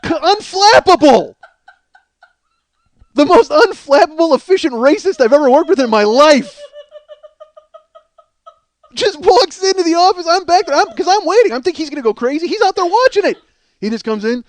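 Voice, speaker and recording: A man in his forties, a podcast host telling a comic story in a profane, animated way, often laughing, on a close podcast mic. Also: extremely high pitch, a little fast. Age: 40s. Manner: profane, animated, swears freely and breaks into laughter.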